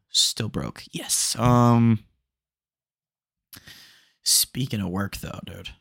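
A man's voice: medium pitch, creaky, a bit bright, dry recording, clean studio sound. A young man hosting a casual solo podcast, telling rambling stream-of-consciousness stories and often saying dude. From Texas. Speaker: podcast host.

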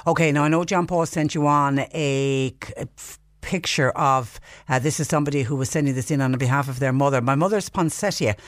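Irish man, radio phone-in host, casual and chatty, reads out texts, mid pitch, dry studio mic. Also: brisk, no room sound. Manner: reads listener texts aloud, chatty and digressive. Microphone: studio microphone.

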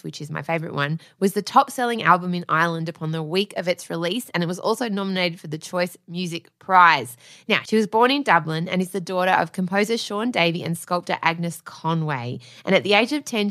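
Bubbly bright-voiced woman. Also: fairly low pitch. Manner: bubbly, enthusiastic, giggly. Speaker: podcast co-host. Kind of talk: casual banter chat.

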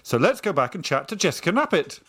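A man's voice: a little high, sing-song, fast talker, a bit bright, a little hiss or hum. A man hosting a casual chat, asking questions in a dry, teasing way, recorded from his own home. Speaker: host.

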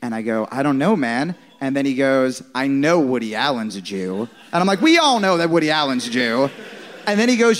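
A man's voice: on the high side, big pitch swings, fairly quick, fairly bright tone. A comedian man telling a story on a live stage podcast, acting out the people he quotes. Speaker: comedian guest.

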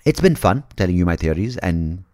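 Male podcast host, solo monologue, rambling, jokey and profane, lively swooping delivery, slightly low voice. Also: brisk, a little hiss or hum. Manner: rambling, jokey and profane, spinning wild theories; slips into mock-dramatic storyteller narration.

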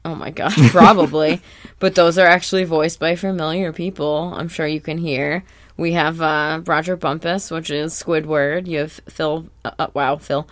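Chatty female co-host, low pitch, dry close-miked recap talk. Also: fairly even intonation, moderate pace, no echo. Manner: chatty, rambling with fillers. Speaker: podcast co-host. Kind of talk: casual episode recap chat.

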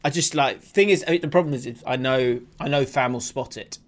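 A man's voice: mid-range voice, fairly quick. Male co-host, young adult, easygoing, giggly, rambling delivery. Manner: laughs often, rambling restarts. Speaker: podcast co-host. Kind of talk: casual chat, reading listener messages.

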